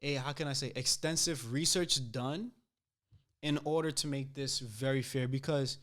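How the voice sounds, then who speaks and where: A man's voice: medium pitch, steady tone, moderate pace, a bit bright. A man hosting a casual podcast debate, agreeable and often affirming what his guest says. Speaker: podcast host.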